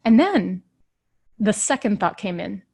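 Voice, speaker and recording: A woman in her thirties speaks as a coach in a live session, her voice pitched in an ordinary middle range. She tells her own story earnestly, with heartfelt emphasis and shifting tempo. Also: big pitch swings, unhurried, creaky, mellow, husky. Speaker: leadership coach. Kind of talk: motivational personal storytelling.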